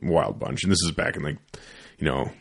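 A man's voice: extremely low pitch, lively intonation, moderate pace, vocal fry, slightly rough. A young man hosting a podcast, telling a loose, profane, rambling story in a casual studio chat. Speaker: podcast host.

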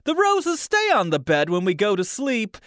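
A giddy, corny lover boy with a put-on New Jersey accent, as a man fakes it while reading aloud. The voice jumps up high and loud in a swooping sing-song, with a smooth tone and a dry sound. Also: huge pitch swings, moderate pace, no room sound, full character voice. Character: corny, eager man in love with a ghost.

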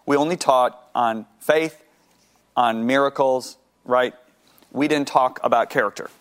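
A man tells his faith story as an interview guest, his voice sitting at a middle pitch. He narrates with animation, acting out his dialogue with God and stumbling into repeated words when excited. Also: a little slow, smooth. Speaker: guest sharing his testimony.

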